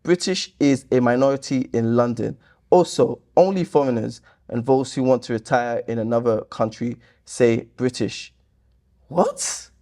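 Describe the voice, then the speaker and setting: A man hosting his channel, reading viewer comments aloud and answering them with sarcastic exasperation. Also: moderate pace. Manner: exasperated, sarcastic, lively pitch jumps. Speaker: YouTube host reacting to comments.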